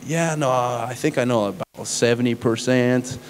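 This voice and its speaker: A man's voice: mid-range voice, moderate pace, slight background noise, natural voice. A man putting on an American accent to voice a cocky young male medical student, breezy and offhand. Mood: dismissive.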